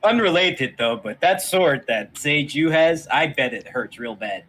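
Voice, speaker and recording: A man's voice: fairly high pitch, animated, a little slow, fairly bright tone, low-quality recording. Joking man with faint hiss. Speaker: player. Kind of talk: in-character banter at a tabletop game.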